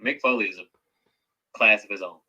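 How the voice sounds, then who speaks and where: A man's voice: lowish voice, brisk, bright, forceful tone, husky, lo-fi sound. A man who is a professional wrestler, talking as a podcast guest in an enthusiastic, casual way. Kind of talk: casual chat.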